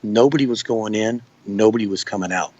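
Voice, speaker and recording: A man's voice: on the low side, a little fast, mellow, muffled recording. A man recounting what he witnessed in an interview, plain-spoken and rambling. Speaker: eyewitness.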